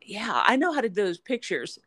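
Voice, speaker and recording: A woman's voice: mid-range voice, very animated, a little fast, fairly bright tone, no echo, clean studio sound. A woman co-hosting a podcast in casual chat, self-deprecating and laughing often. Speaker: podcast co-host.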